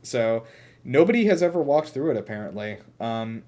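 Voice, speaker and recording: A man's voice: medium pitch, very animated, normal speed, dark tone. A young man co-hosting a casual podcast, rambling with lots of fillers and restarts. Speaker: podcast co-host. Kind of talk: casual chat.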